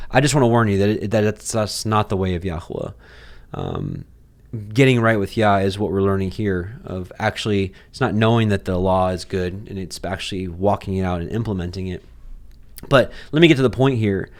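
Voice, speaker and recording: A young man teaching a weekly Bible portion in a relaxed, conversational way, full of fillers and restarts, acting out mock exchanges. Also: lowish voice. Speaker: Torah teacher.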